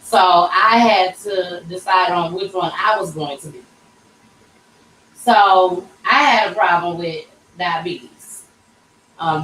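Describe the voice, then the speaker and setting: A woman in her thirties livestreams from a tattoo shop, candidly and casually recounting a personal story and calling her viewers "y'all." Her voice is lowish and fairly bright, picked up by a distant mic in an echoey room with slight background noise.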